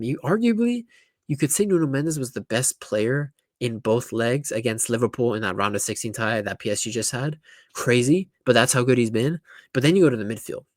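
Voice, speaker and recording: A man's voice: medium pitch, no echo. Chatty, blunt man with a dry sound. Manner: chatty and blunt, with frequent restarts and asides. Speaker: football pundit YouTuber. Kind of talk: casual opinionated football analysis.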